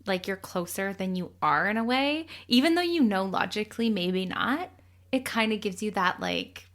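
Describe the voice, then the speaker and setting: A young woman co-hosting a casual true crime podcast, chatty and quick to laugh, swearing casually as she tells the story. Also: medium pitch, animated, a bit bright.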